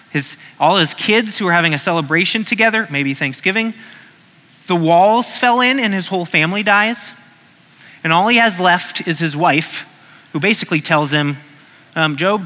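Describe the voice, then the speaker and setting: A man's voice: on the high side, bright, forceful tone, big-room sound. A man preaching a sermon in a conversational way, reading scripture and acting out short voices.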